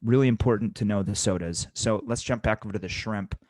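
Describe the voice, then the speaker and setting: A man's voice: on the low side, fairly quick, darkish tone, no echo. A man teaching restaurant servers in an instructional talk, coaching them through the math step by step and repeating key points for emphasis.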